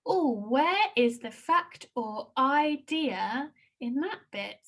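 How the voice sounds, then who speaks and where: A woman's voice: high-pitched, expressive, takes it slowly. A woman primary school teacher giving a recorded online lesson, encouraging and sing-song as she reads and asks questions. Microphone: computer mic while screen-sharing.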